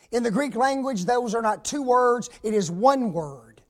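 A male preacher giving a sermon. He stresses words loudly, drops to hushed asides and asks the congregation rhetorical questions. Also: extremely high pitch, lively intonation, measured pace, hardly any pauses. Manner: emphatic, swings from loud stress to hushed asides.

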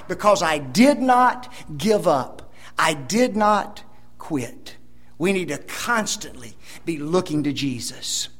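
A man's voice: sits high, a bit bright. A man preaching a Sunday sermon, emphatic and fond of rhetorical tag questions.

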